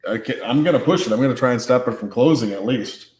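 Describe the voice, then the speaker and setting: A man's voice: mid-range voice, quick pace, a little mellow. A man playing a tabletop role-playing game, cautious and asking about the rules. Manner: cautious, asks rules questions. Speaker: player.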